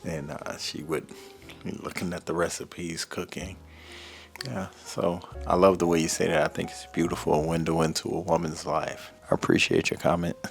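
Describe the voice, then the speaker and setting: A man with a very low, gravelly voice hosts his book channel from home. He chats in an easy, relaxed way as he reads out viewer comments and sometimes drops to a soft, quiet tone. Faint music plays under his voice. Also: normal speed. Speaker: booktube host. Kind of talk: casual chat reading viewer comments.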